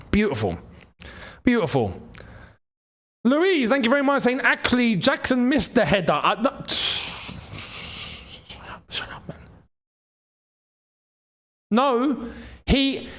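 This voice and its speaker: A man hosting a live football watchalong, reacting excitably and shouting and laughing at the action while his voice goes. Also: sits high. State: losing his voice.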